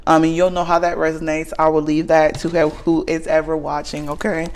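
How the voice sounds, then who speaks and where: Speaking straight to camera, this tarot reader has a Southern US accent and gives a casual, frank, earnest reading. Her voice is deep and darkish, delivered flatly at a brisk clip, and almost every sentence ends with a questioning "okay?"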